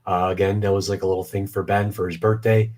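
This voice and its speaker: A man's voice: deep voice, level tone, quick pace, darkish tone. A man in his forties hosting a casual live stream, rambling with many fillers, his voice weak and short of breath. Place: home basement shop.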